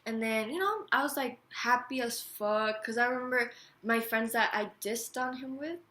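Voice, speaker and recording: Bright chatty young woman, swearing freely. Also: fairly high pitch, normal speed. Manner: chatty, swears freely, lots of "like" and acted-out quotes. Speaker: interview guest. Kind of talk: casual storytelling. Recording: roomy room with faint noise.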